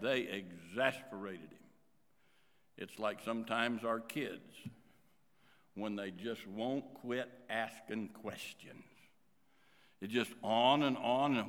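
A man preaching a sermon as pastor, swinging between loud emphasis and quiet asides. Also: mid-range voice, takes it slowly, pauses often. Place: church sanctuary. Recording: reverberant church hall.

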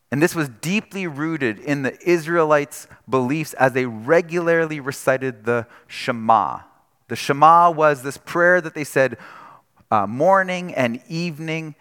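A man's voice: on the high side, a bit bright, long reverb tail. A man preaching a sermon in a conversational, explanatory way, often checking in with his listeners with "right?". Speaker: pastor.

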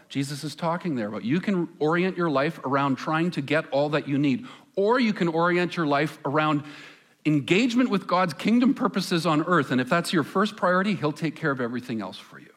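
A man preaching a sermon as pastor on a church stage, conversational, asking the congregation questions and pausing for effect. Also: fairly high pitch, expressive. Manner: conversational, asks the congregation questions, dramatic pauses.

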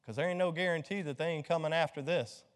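High-voiced pastor preaching in a reverberant hall. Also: male voice, fast. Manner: lively, joking, quizzes the congregation. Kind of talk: sermon.

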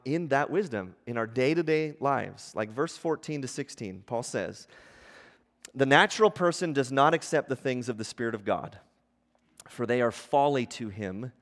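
A man preaching a sermon, explaining scripture with animated emphasis that climbs to loud peaks. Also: medium pitch, big-room sound. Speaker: pastor.

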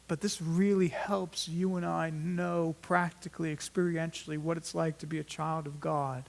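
A man preaching an earnest sermon, swinging between emphatic rises and quiet drops and often restarting his words. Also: a little high. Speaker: pastor.

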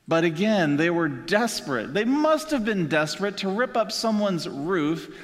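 A preacher with a high voice tells his story with lively flair, slipping into put-on voices for the people in it. His words ring out with a long reverb tail, as if spoken in a big hall. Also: normal speed. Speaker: pastor. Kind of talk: sermon with acted-out voices.

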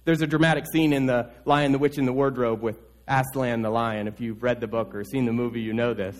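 A pastor preaching a sermon in an earnest, urging way, building through repeated phrases. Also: male voice, mid-range voice, fairly even intonation, brisk.

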